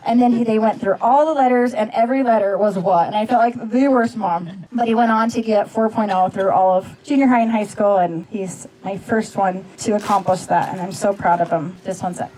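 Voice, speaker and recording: Tearful mother, mellow voice, faint music. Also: mid-range voice, fairly quick, few pauses, low-quality recording. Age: middle-aged. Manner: tearful, laughing through her words. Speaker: mother of the groom. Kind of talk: emotional personal tribute.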